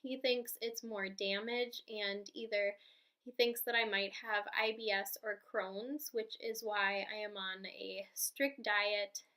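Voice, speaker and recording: A woman's voice: medium pitch, fairly even intonation, slow pace, sharp tone. A pregnant young woman chatting casually in a vlog, rambling with fillers and little laughs. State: heavily pregnant. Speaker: vlogger.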